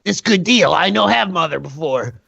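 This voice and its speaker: Man doing a little goblin boy, broken grammar, high bouncing voice, slow, tabletop game. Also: animated, creaky, bright, forceful tone, no echo, heavily acted. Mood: pleased. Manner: clipped broken grammar, childlike wheedling. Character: small male goblin boy, eager, crafty, broken speech. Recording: dull lo-fi.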